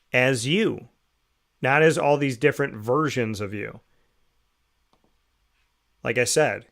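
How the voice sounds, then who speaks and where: A man's voice: mid-range voice, fairly bright tone. A man hosting a show, giving a reflective motivational monologue full of rhetorical questions. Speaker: show host.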